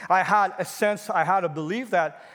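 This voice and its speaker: Guy in his 50s, a pastor preaching, pretty high voice, earnest and personal, big echo from the hall. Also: normal speed, a bit bright. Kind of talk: sermon. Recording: long hall reverb.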